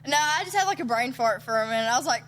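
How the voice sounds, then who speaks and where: Giggly woman hosting a podcast, crude, steady background noise in the podcast audio. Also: on the high side, racing. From American South. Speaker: podcast host. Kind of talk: casual podcast banter.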